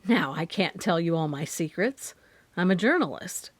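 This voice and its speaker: A woman's voice: lowish voice, lively intonation, normal speed, no room sound, voice pushed down. A woman voicing a tired, cocky young male journalist who speaks in an easygoing, teasing way. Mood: wry.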